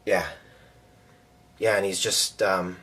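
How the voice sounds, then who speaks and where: A man's voice: deep voice, little pitch movement, takes it slowly, fairly bright tone, husky. A young man talking hesitantly and nervously, full of fillers and restarts. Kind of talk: casual phone call and self-recording.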